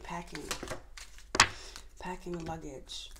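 A woman giving a tarot reading to viewers, talking fast and passionately and calling on Spirit. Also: low-pitched, steady tone, heavy background noise. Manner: addresses viewers directly, calls on Spirit. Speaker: tarot reader.

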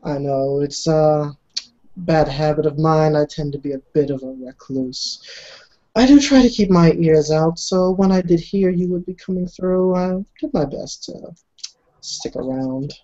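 A game master voicing a calm, charismatic male vampire recluse, speaking slowly in a polite, measured way, on a dull lo-fi recording. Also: mid-range voice, lightly acted. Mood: courteous.

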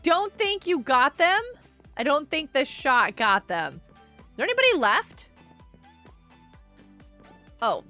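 A woman streaming a game, chatting with viewers in an excitable way, often gasping and exclaiming. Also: high-pitched, slow pace, long pauses, faint music behind. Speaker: gaming streamer. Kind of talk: live gameplay commentary chatting with viewers.

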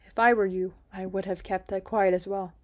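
A gentle young pirate captain, read by a woman. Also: medium pitch, flat delivery, moderate pace, lightly acted. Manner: gentle, hushed.

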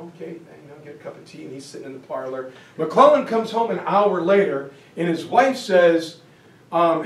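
A man giving a casual, animated history lecture, telling stories in a folksy, conversational way. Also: on the high side, moderate pace, a little hiss or hum. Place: school meeting room. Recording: echoey room, from far off.

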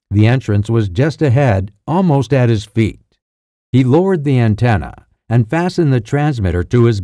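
Male audiobook narrator, measured and steady, mellow dark tone, very dry close sound. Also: medium pitch, no echo. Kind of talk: scripted narration.

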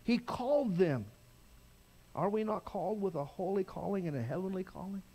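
An older man preaching a sermon as pastor, impassioned, swinging from loud cries to quiet intensity. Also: sits high, lively intonation, normal speed, husky.

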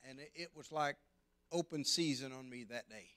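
Earnest preacher, loud then hushed. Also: male voice, medium pitch, normal speed. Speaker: pastor. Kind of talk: sermon.

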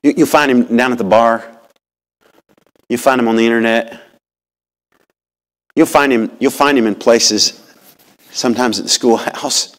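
A man preaching a sermon in church in a folksy, animated way, often asking the congregation questions. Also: medium pitch, unhurried, long pauses. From rural upbringing. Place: church sanctuary.

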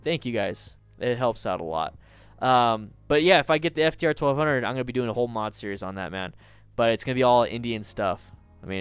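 A man's voice: mid-range voice, clear, resonant tone, dry recording. A man in his thirties chatting casually from home as a livestream host, reading viewer comments, restarting and repeating himself.

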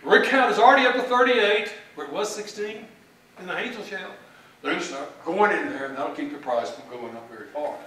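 A man's voice: high-pitched, lively intonation, fast talker, pushed and bright. A man from Texas with a Texan accent, giving a folksy, joking keynote talk at a conference. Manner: folksy, joking, plain-spoken. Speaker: economist speaker. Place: large event hall. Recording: echoey hall, from far off.

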